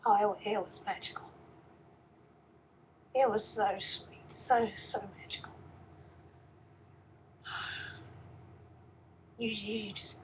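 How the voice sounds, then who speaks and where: A woman's voice: mid-range voice, little pitch movement, slow, pauses often, muffled recording, a little hiss or hum. A woman gives an emotional personal faith testimony, often stopping and repeating her words. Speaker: storyteller.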